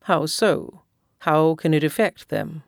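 A woman voicing a calm, ironic older husband with a teasing, drawling manner in an audiobook. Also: low-pitched, slow pace, no echo, clean studio sound. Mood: dry. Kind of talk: audiobook character voice.

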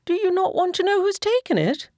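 A woman voicing an excitable, chattering middle-aged mother who fusses and insists, in an audiobook reading. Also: mid-range voice, measured pace, dry recording, clean studio sound, voice pushed up. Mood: eager. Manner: breathless, insistent, fussing. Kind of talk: audiobook character voice.

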